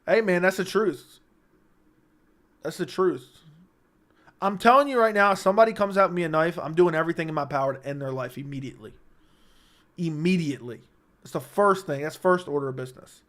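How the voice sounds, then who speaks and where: A young man with a slightly high-pitched voice hosts a late-night livestream. He talks in loose, brash banter, swearing freely and joking with his chat. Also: brisk, pauses often, a bit bright. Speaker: livestream host.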